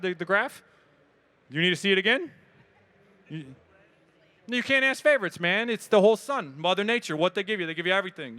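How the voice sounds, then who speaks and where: This is a man, giving a live talk at an expo and fielding questions from the crowd. His voice sits high, bright and very clear. He talks casually and with lots of energy, cracking jokes. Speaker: speaker answering audience questions. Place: event hall with audience.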